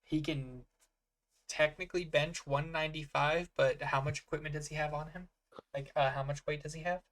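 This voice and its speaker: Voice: medium pitch, fairly even intonation, moderate pace, a bit bright. A game master narrating a tabletop game in a casual, filler-heavy way, working out rules aloud.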